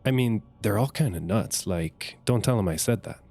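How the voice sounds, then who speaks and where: A man with a fairly low voice plays in a tabletop game as a guest. He talks in a loose, rambling way, full of "like" and "uh". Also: lively intonation, moderate pace, creaky, darkish tone, soft background music. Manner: laid-back, rambling with many fillers. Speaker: guest player.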